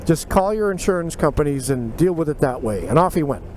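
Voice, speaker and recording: A man casually telling a personal story to the camera, animated, acting out his own replies in a raised voice. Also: fairly high pitch, a little fast, a little hiss or hum.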